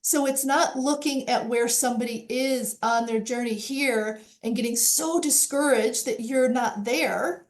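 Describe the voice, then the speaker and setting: A woman's voice: on the high side, unhurried, hardly any pauses. A woman speaking as a panel guest, earnest and reflective, repeating phrases for emphasis.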